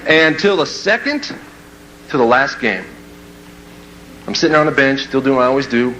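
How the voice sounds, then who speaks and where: At a moderate pace and medium pitch, a man entertains an audience as a motivational speaker with a funny story from his own life. He animatedly voices the characters and laughs along, captured in a low-quality recording with a little hiss or hum.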